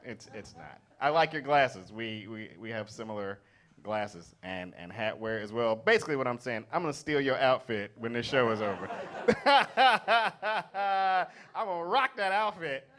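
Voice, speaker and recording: A man's voice: medium pitch, lively intonation, measured pace, fairly bright tone. A man hosting a stand-up show from the stage, bantering playfully with the crowd between acts. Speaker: comedy show host. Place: comedy stage. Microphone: stage mic.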